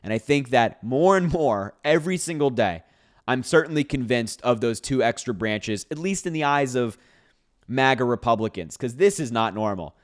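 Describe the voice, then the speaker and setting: A man's voice: mid-range voice, animated, normal speed. A man giving casual political commentary to camera, sarcastic and incredulous as he reacts to posts, breaking into laughs between points.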